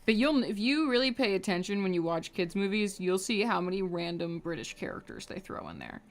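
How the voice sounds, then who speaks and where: A woman's voice: medium pitch, expressive, brisk. A young adult woman streaming live while she draws, rambling casually to her chat and humming between remarks.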